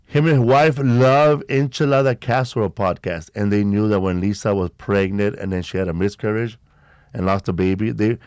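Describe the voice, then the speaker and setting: A man's voice: moderate pace, a little mellow, clean tone, no room sound, studio quality. A man, hosting a podcast and telling stories in a laid-back, slangy way. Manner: laid-back storytelling, slangy, low-key delivery. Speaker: podcast host. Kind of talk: casual podcast chat.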